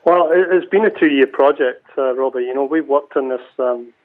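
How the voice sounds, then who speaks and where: A man's voice: medium pitch, normal speed. A Scottish man, a cemetery chief, chatting as a guest on a radio call with frequent restarts. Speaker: cemetery CEO, phone guest. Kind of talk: casual radio interview. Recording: phone line.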